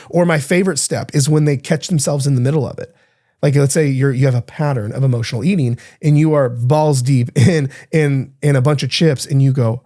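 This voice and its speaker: A man in his thirties, a podcast host and coach, talking solo in a casual, energetic, chatty way. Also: medium pitch, brisk. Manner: energetic, talkative, casual swearing.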